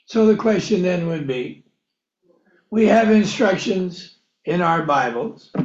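Slow, high-voiced preacher man in an echoey room. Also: a little mellow. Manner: asks rhetorical questions and answers them himself. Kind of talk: sermon, Bible teaching. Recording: echoey room, dull lo-fi sound.

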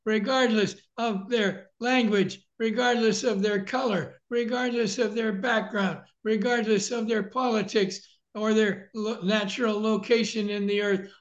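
A man preaching a sermon in short measured sections, pausing for an interpreter. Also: high-pitched, fairly even intonation. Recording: dull lo-fi recording.

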